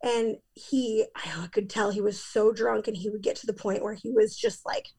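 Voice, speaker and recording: A woman's voice: mid-range voice, fairly even intonation, moderate pace, darkish tone, breathy edge. A woman in her thirties, a podcast guest, telling a painful personal story in a candid, emphatic way.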